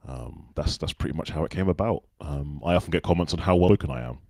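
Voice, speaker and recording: Deep-voiced man with a Southern English accent. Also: fast, creaky, dry recording. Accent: non-regional Southern English. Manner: relaxed storyteller who acts out other people's lines. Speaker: guest. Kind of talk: casual interview chat.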